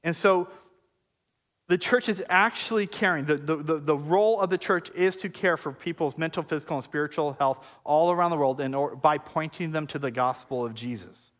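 A male pastor delivers a sermon in a relaxed, conversational way, slipping in jokes and playful asides to the congregation. His speaking voice sits notably high for a man. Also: moderate pace. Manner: conversational, joking preacher with asides. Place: church service before a congregation.

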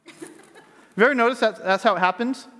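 High-voiced male preacher in a reverberant hall. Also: brisk, bright, forceful tone. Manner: conversational preaching with rhetorical questions; reads scripture aloud then riffs on it. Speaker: pastor. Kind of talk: sermon.

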